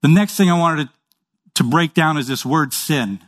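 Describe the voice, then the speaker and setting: Conversational man preaching, slightly high voice. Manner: conversational, checks in with the congregation; acts out little dialogues in quick voices. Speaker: pastor. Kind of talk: sermon.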